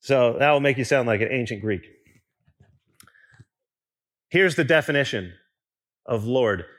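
Animated, conversational young male preacher. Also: mid-range voice, a little slow. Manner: conversational and animated, with restarts and asides. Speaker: pastor. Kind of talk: sermon.

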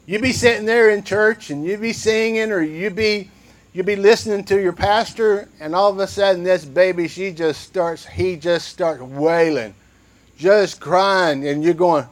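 An older man, preaching a sermon in a folksy, conversational way. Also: high voice. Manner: slow and drawn out. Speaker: pastor.

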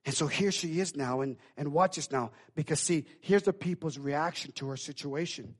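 A man preaching a sermon, acting out the people in his stories and swinging from hushed storytelling to loud, fervent calls. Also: on the high side, moderate pace. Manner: dramatic, acts out quoted voices, swings from hushed to shouting.

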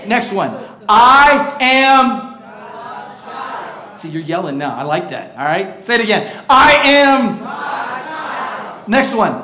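High bright-voiced older male pastor preaching. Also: sing-song, brisk, few pauses, roomy sound, a faint crowd. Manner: preaching with call-and-response, rising to shouts. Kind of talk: sermon. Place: church sanctuary.

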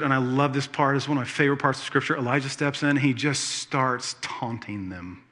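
A man's voice: medium pitch, fairly even intonation, fairly quick, hardly any pauses, sharp tone. A middle-aged male pastor preaching a sermon, telling a scripture story with playful asides.

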